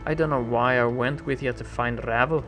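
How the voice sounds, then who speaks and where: A man reading the lines of a prickly young tiefling woman in a role-playing game, speaking them louder and with blunt, folksy phrasing. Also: medium pitch, steady tone, normal speed, lightly acted. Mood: flustered. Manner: blunt, folksy talk with a dropped "ya". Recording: game music playing behind.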